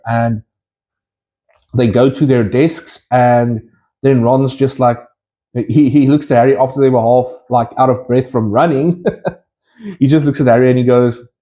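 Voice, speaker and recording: A man's voice: medium pitch, dark tone. A man vlogging casually to his viewers, enthusiastic and rambling with many restarts. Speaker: collectibles vlogger.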